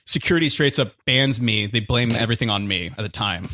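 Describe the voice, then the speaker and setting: A young man rattles off a story at a quick clip, full of fillers like "like" and "uh", with a chuckle slipping in now and then. His voice sits at an ordinary middle pitch. The recording is close and dry, with no room sound. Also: sharp tone, dry recording. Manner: rambling, lots of "like" and "uh" fillers, laughs while telling. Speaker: improv performer telling a true story. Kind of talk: casual storytelling on a comedy podcast.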